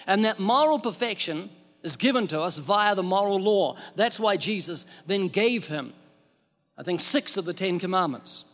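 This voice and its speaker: A man's voice: high voice, animated, normal speed, a bit bright, long reverb tail. A man preaching a sermon in an emphatic way, asking rhetorical questions.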